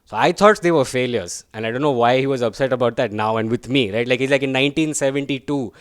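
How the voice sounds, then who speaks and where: Chatty young comedian, smooth and dry. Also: male voice, medium pitch, quick pace, dry recording. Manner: chatty, self-deprecating, tags lines with "right?" and "guys". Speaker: stand-up comedian. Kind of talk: stand-up comedy set.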